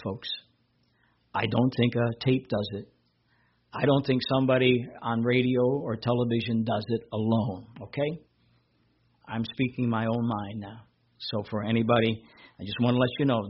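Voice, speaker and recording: Male pastor, sermon delivery, husky mid-pitched voice, lo-fi recording. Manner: rises in pitch and volume when reading scripture aloud.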